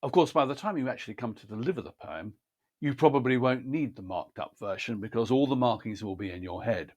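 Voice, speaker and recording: A man explains poetry reading in a careful, precise teaching manner. His pitch sits in an ordinary middle range, and he lays out each point methodically. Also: expressive, brisk, darkish tone, lo-fi sound. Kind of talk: scripted instructional talk.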